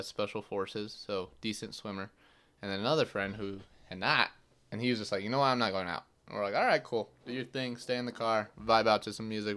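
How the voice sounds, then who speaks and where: A man's voice: lowish voice, a bit bright, smooth. A young man hosting his own podcast, telling a story in a loose, casual way, full of fillers and swearing. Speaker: podcast host.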